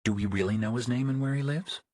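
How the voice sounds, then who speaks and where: A sharp, practical woman investigator fires off short, skeptical questions, voiced by a male narrator. Her lines sit well above his usual register, with a husky edge. Dry, close audiobook sound. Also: mid-range voice, fast talker, no echo, pitched above the performer's own voice, lightly acted. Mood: terse. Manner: curt, questioning. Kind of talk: audiobook character voice.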